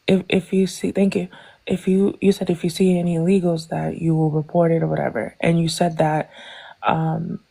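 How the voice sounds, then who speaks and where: A woman's voice: fairly low pitch, level tone, normal speed, vocal fry, dark tone. A woman in her thirties from Tanzania, speaking hesitantly with many fillers as a guest on a live panel. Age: 30s. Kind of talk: live online panel discussion.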